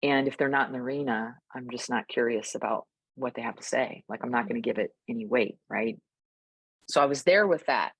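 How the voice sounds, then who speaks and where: A woman co-hosting a podcast, telling a story in a relaxed, reflective way with frequent fillers. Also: extremely low pitch, a little fast, slightly rough, no room sound. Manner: thoughtful storytelling, many fillers. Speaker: podcast co-host. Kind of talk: casual reflective chat.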